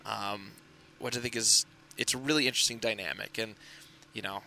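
A man's voice: on the low side, fairly even intonation, a little fast, gravelly, pushed and bright, slight background noise. A man co-hosting a podcast in casual chat, recapping a story in a rambling way, full of fillers and restarts. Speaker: podcast co-host reviewing comics.

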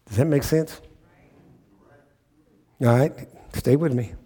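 A man's voice: medium pitch, slow, mellow, slightly rough. A pastor preaching a sermon, emphatic, repeating phrases and checking in with his listeners.

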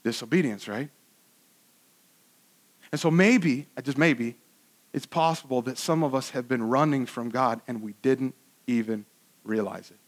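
A male pastor preaches earnestly in a conversational way, often restarting and swinging between loud emphasis and hushed asides. His voice is medium-pitched and a little slow, with long pauses.

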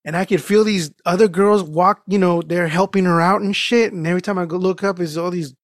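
A casual podcast host with a voice pitched a little high, recorded close and dry. He rambles through his stories, swears freely and restarts his sentences. He works "dude" into nearly every thought. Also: fairly quick, no room sound. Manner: loose and profane, peppers talk with "dude"; animated storytelling with many restarts. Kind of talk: casual chat, rambling anecdote.

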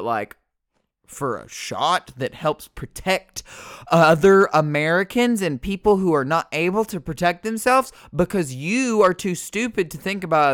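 Smooth-voiced man ranting casually. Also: medium pitch, fairly bright tone. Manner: rambling, profane and sarcastic, trailing off into fillers. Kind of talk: casual unscripted rant.

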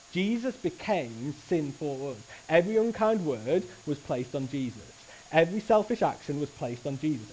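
Male preacher, earnest and lively delivery, voice sits a little high, faint hiss behind. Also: low-quality recording. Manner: earnest, animated, with frequent restarts. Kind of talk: sermon. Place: church service.

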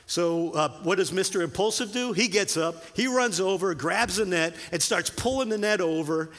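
A male pastor preaching a sermon in a conversational way, telling stories with animated, informal asides. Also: high voice, normal speed. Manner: conversational, animated storytelling with filler words and restarts. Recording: long reverb in a hall.

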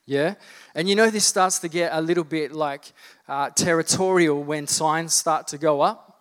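A man's voice: fairly high pitch, normal speed, a bit bright. A man in his thirties preaching a sermon, telling humorous childhood stories in a loose, conversational way before building to fervent preaching. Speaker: pastor.

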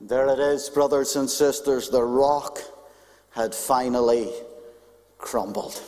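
A man preaching a sermon as a pastor, animated and conversational with touches of humor, in a church. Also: mid-range voice, unhurried. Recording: long hall reverb.

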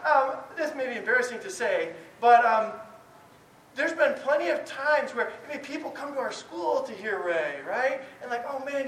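A man's voice: very high-pitched, a bit bright. A man who teaches Bible, giving an informal talk to a class in a candid, chatty way with frequent chuckles and restarts. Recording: roomy, distant mic, faint background noise.

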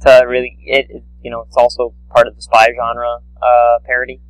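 A man co-hosting a podcast, chatting casually about a cartoon in a rambling, animated, mocking way. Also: medium pitch, moderate pace, smooth, no room sound, faint music behind, poor audio. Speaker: podcast co-host. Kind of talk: casual chat reviewing a cartoon.

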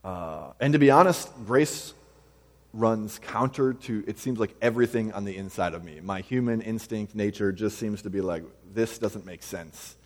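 A man's voice: on the low side, moderate pace. A man in his thirties preaching a conversational sermon, telling personal stories with loose fillers. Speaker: pastor. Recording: long hall reverb.

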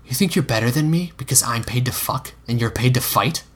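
A woman's voice: extremely low pitch, fairly quick, husky. A man voicing a scornful young woman who coaxes and then hisses insults, in an audiobook reading. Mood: seething. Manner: coaxing, then hissing and spitting insults.

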